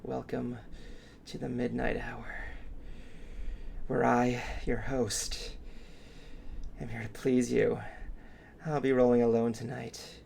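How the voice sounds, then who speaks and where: A man voicing a creepy, sadistic horror-movie host in a slow, theatrical, menacing monologue. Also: medium pitch, flat delivery, creaky, a little mellow, a little hiss or hum, pitched below the performer's own voice. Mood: menacing hush. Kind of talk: mock horror monologue on a live stream.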